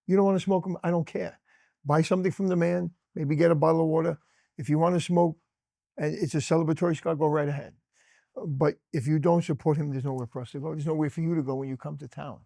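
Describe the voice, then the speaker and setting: A man's voice: a little high, gravelly, dark tone, no room sound, clean studio sound. A middle-aged man, a cigar lounge manager, telling stories in a casual interview and acting out quoted dialogue.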